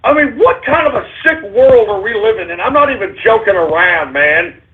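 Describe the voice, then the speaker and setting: A male radio show host with a hoarse voice, ranting in exasperation with shouted outbursts, curses and apologies. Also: high-pitched, lively intonation, normal speed. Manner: curses, then apologizes for cursing. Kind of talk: ranting call-in radio monologue. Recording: tinny phone-like lo-fi audio.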